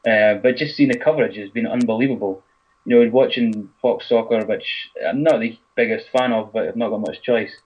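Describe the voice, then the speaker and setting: Scottish guy rambling fast on a podcast, lots of you knows, dull muffled sound. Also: fairly low pitch, husky. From Scotland. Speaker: guest football writer. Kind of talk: casual podcast chat.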